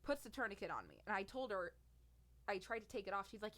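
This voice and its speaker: A nineteen-year-old woman hosts her own podcast and tells a personal story. She vents in an exasperated, sarcastic way. Her voice sits at an ordinary middle pitch for a woman. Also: very animated, quick pace, bright, forceful tone. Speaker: podcast host.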